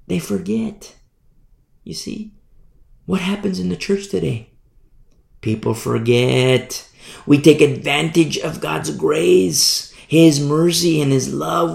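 A male pastor teaching a sermon Bible study, animated and repeating phrases for emphasis, recorded in an echoey room. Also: on the high side, creaky.

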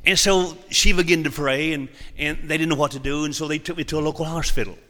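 A man's voice: a little high, fairly even intonation, quick pace, pushed and bright, long reverb tail. A man from Oklahoma, preaching and telling a testimony in a folksy, humorous, dramatic way. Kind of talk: sermon testimony storytelling.

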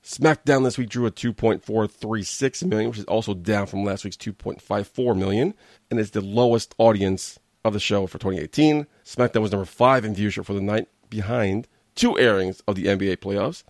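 Hosting a wrestling recap show, a man with a lowish voice talks a little fast in a casual, blunt, sarcastic rant full of exasperation. The audio is studio quality with no echo.

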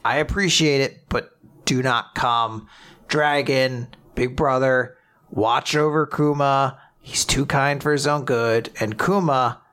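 A man voicing a dying woman's soft farewell. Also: mid-range voice, fairly even intonation, slow. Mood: tender, resigned. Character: dying young woman saying a gentle farewell.

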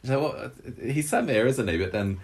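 A man co-hosting a podcast with a very deep voice. His chat is wry and full of dry asides. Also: fairly quick. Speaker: podcast co-host. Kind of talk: casual chat about a soap opera.

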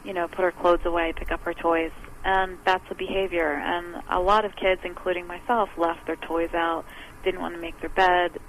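A woman's voice: fairly low pitch, little pitch movement, normal speed, poor audio. Woman who runs her own business, chatty, explains stuff simply, bit of faint noise behind. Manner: chatty and explanatory, acts out quotes of other people. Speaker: business owner guest. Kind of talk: conversational interview.

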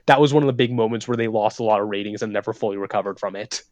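A man in casual podcast chat, animated and profane, filling his talk with "like". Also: fairly low pitch, racing, dry recording. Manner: animated, profane, says "like" a lot. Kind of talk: casual chat about wrestling.

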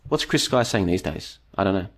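Low-voiced man hosting a rambling live stream. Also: lively intonation, fairly quick, husky. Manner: rambling, talks straight to the audience as "folks", repeats rhetorical questions. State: voice starting to tire after two hours. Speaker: live stream host reading chat. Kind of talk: casual live stream commentary.

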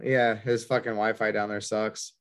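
A man's voice: fairly low pitch, flat delivery, normal speed, fairly bright tone, clear, resonant tone. A man hosting a podcast in casual chat, laughing easily and wrapping up the episode. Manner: laughs easily, wraps up the show. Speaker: podcast host.

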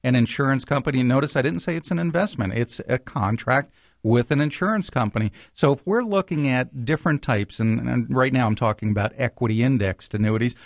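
A man who works as a financial planner talks through money topics on the radio, animated and explanatory, often repeating words as he starts a thought. His voice is at a middle pitch, recorded close and dry with no room sound. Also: fairly quick, creaky, no room sound. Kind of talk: financial talk radio chat.

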